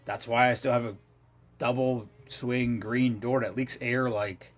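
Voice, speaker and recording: A man's voice: medium pitch, steady tone, measured pace. A middle-aged man hosting a casual livestream, telling rambling stories in a loose, profane way. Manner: rambling, profane storytelling with laughs. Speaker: livestream host.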